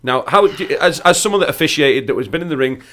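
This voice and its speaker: A man's voice: on the high side, animated, fast, fairly bright tone. A man co-hosting an interview, asking long, searching questions. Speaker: co-host.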